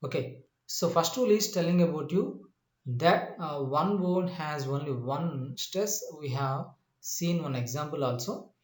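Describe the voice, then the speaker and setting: A male English teacher walking through a slide-based lesson in a slow, deliberate way, repeating his points and pausing often with "uh" and "you know.". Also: on the high side. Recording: echoey room.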